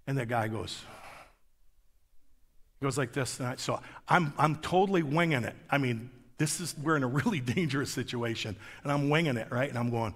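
A man's voice: medium pitch, moderate pace, fairly bright tone, big-room sound. A man preaching as a guest pastor, telling a story in an emphatic, conversational way on a church stage. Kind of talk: sermon.

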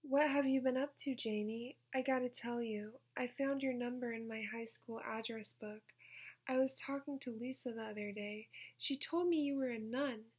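A woman's voice: a little high, moderate pace, breathy edge. A woman doing a sultry gossipy showgirl. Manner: sultry, breezy.

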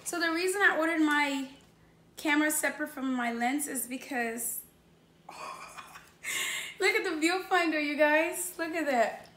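A woman in her late twenties unboxes a new camera for her YouTube vlog, gushing, exclaiming often, and laughing between remarks. Her voice sits high with a fairly bright tone at a moderate pace, recorded indoors in an echoey room with faint noise.

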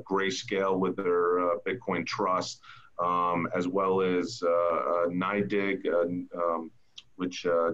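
A deep-voiced man leads a casual panel chat and speaks with many hesitations and fillers. His voice sounds muffled and lo-fi, as if recorded through a poor mic. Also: a bit bright. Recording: dull lo-fi sound.

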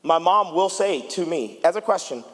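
A male pastor preaching a sermon, chatty with the congregation and rising into shouted appeals. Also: high-pitched, normal speed. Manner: animated preaching, building to shouts, banters with congregation. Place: church sanctuary. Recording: long reverb of a large church hall.

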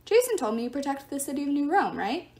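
Woman voicing a clever teen girl, firm, measured, fairly high voice. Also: sing-song, a little mellow. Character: clever teenage girl, diplomatic but tense.

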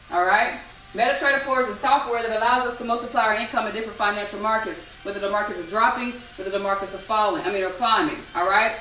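Woman instructor, bright tense voice, echoey room, heard from a distance. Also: medium pitch. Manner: animated, repetitive, rhetorical questions. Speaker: trading instructor. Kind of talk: live online class.

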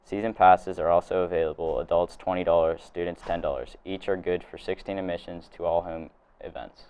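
A teenage boy reading school announcements, steady but tripping over a few words. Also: low-pitched, brisk, clean tone. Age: teens. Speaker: student announcer.

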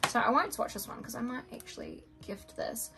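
A young woman vlogging a makeup unboxing at home, her voice sitting a little high. She talks casually and excitably, gasping at colors and sometimes slipping into a soft whisper. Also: brisk, gravelly, music in the background. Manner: gushing, excitable, frequent gasps and soft whispers. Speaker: beauty vlogger.

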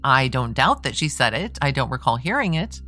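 A woman's voice: a bass voice, big pitch swings, moderate pace, sharp tone, faint music behind, heavily acted. A woman reading a trial transcript aloud, voicing a male police officer on the witness stand who gives short, clipped answers. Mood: terse.

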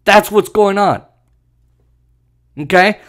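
A man's voice: sits high, slow, a bit bright. A man hosting a solo podcast, giving heated, sarcastic political commentary and mocking the people he criticizes. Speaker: podcast host.

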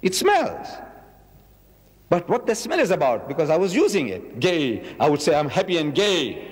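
A man in his seventies giving a public religious lecture, emphatic, repeating key words and slowing down to quote verses. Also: on the high side, very animated, breathy edge, in a large hall. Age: 70s.

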